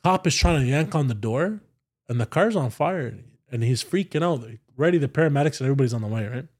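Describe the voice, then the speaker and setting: A man, a podcast guest telling a story in a casual, animated way, swearing freely and saying "bro" a lot. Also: medium pitch, fast talker. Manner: animated, profane, says "bro" constantly.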